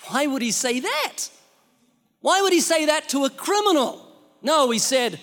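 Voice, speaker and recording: A man's voice: extremely high pitch, expressive, normal speed, fairly bright tone, long reverb tail. A man preaching a sermon in an emphatic way, asking rhetorical questions.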